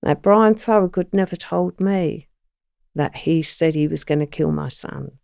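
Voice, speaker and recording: Gravelly, lowish, older woman, vivid storytelling, dry mic. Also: measured pace, dry recording. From England. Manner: animated storyteller, acts out quoted lines. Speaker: guest. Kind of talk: recounting crime memories in a podcast interview.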